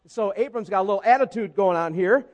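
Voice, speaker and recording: A man preaching a lively, conversational sermon in church who acts out scripture characters. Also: high voice, fast talker. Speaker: pastor.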